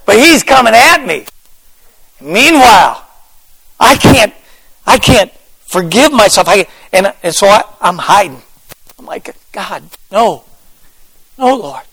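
High, gravelly fervent male preacher. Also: big pitch swings, a little slow, long pauses, poor audio. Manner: fervent, repetitive preaching with rising shouts. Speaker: pastor. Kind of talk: sermon.

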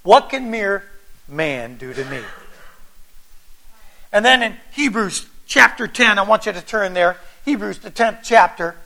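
A man's voice: high voice, lively intonation, unhurried, creaky, pushed and bright. A man preaching a sermon as pastor, reading scripture aloud and building to fervent, emphatic passages.

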